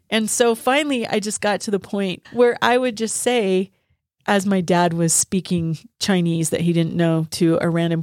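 A woman's voice: mid-range voice, no room sound, studio quality. A woman co-hosting a faith podcast, telling a personal story in a casual, laughing way. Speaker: podcast co-host.

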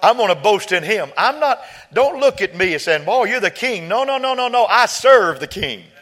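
A man preaching a sermon, quoting scripture and building from quiet talk to fervent shouting. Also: high voice, expressive, normal speed.

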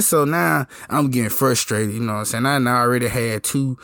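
A hoarse man telling a story in a casual, slangy, laid-back way. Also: mid-range voice, moderate pace, few pauses, a bit bright, no echo, clean studio sound. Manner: laid-back slangy talk, lots of "you know what I'm saying". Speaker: podcast host telling a story.

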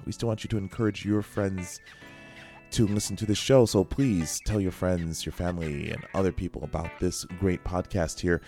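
A man's voice: lowish voice, dark tone. A man co-hosting a podcast, chatting loosely through the news with a rambling, jokey manner. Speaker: podcast co-host. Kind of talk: casual news chat. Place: local radio studio.

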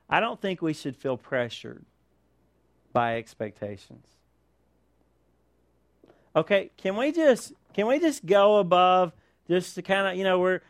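A man's voice: sits high, no room sound. A man preaching a sermon, firing rhetorical questions and calling for an amen from the congregation. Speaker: pastor.

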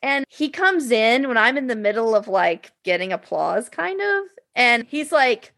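A woman telling a lively anecdote in casual conversation, animated and full of fillers. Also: fairly high pitch, moderate pace, creaky. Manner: animated, acts out voices in her anecdote, laughs. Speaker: podcast guest telling a story. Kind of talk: casual storytelling.

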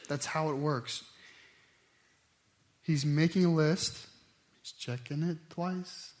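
A middle-aged man preaching a sermon, animated, swinging between loud emphatic stretches and quiet asides. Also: a little high. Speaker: pastor.

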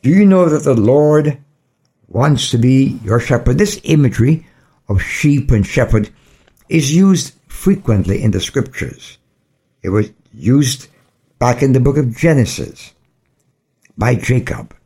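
A man preaching a sermon, reading scripture and speaking with deliberate, emphatic rises. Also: mid-range voice, lively intonation, warm tone, husky. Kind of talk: radio sermon.

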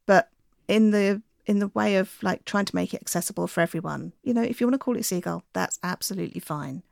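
A woman talking casually as a guest on a podcast, explaining things in a relaxed, friendly way. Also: mid-range voice, fast, vocal fry, dry recording, clean studio sound. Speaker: bird enthusiast guest.

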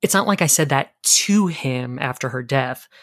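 A man's voice: mid-range voice, lively intonation, moderate pace, fairly bright tone, dry recording, studio quality. An actor playing a grieving man's brother who rambles awkwardly and gets defensive. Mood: rambling.

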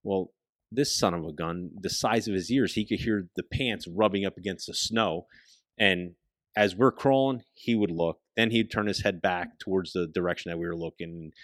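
A man with a low voice tells a story in a casual, swearing, lively way, often sinking to a near hush for the tense parts. The sound is dry and close, with no room echo. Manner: profane, animated storyteller who drops into hushed tones. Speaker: hunting guest.

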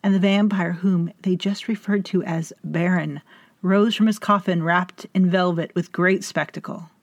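A woman narrating a story in a measured, formal way with dry wit. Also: lowish voice, fairly even intonation, no echo. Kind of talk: scripted fiction narration.

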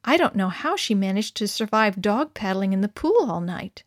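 A woman reading a children's story, voicing a busy mother who keeps her two boys in line in a brisk, firm way. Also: medium pitch, very animated, no echo, studio quality, lightly acted. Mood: calm.

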